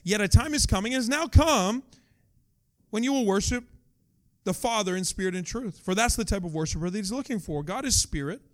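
A man voicing Jesus as a gentle, kind man who speaks softly and affirmingly. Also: high-pitched, lively intonation, a little fast. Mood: earnest.

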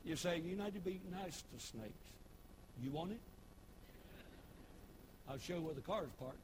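A man preaching a sermon, folksy storytelling that builds into shouted preaching. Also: fairly high pitch, lively intonation, normal speed, background noise. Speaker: pastor. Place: church.

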